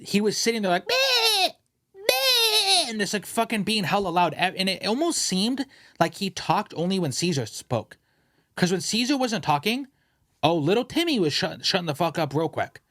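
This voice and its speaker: A young man rants through a casual podcast story, animated and loose, full of slang and swearing. His voice sits a bit high for a man. The sound is dry and close, with no room around it. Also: a little fast, no room sound. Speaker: podcast co-host.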